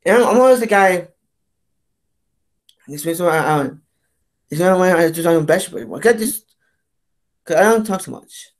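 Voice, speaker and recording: A man vlogging a rambling, profane rant, halting and repetitive, with frequent restarts and stammers. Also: high-pitched, expressive. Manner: profane, repetitive, keeps saying "you know what I'm saying". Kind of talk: rambling ranting monologue.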